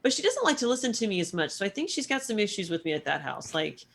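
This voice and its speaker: A woman's voice: very animated, fast talker, a bit bright, slight background noise. A woman co-hosting a podcast in casual chat, bubbly and laughing often. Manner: bubbly, laughs often, squeals into high put-on quotes. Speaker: podcast co-host.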